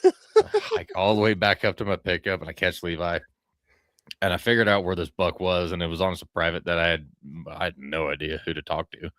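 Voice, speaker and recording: Deep-voiced man telling a rambling story. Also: fairly even intonation, brisk, a bit bright, dry recording, clean studio sound. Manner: profane, rambling, acts out his own quoted lines. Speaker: podcast host telling a hunting story. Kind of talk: casual storytelling.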